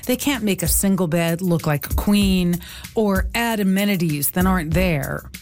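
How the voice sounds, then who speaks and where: A female reporter reading a scripted news feature in a measured storytelling delivery. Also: on the low side, over music.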